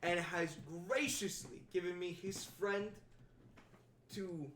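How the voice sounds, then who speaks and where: A woman's voice: on the low side, steady tone, slow, a bit bright, a little hiss or hum. A woman voicing a scheming middle-aged male con man who runs a shop, with an oily, stammering, wheedling manner in a tabletop game. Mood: grandstanding. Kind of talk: tabletop game role-play. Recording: roomy echo, distant from mic.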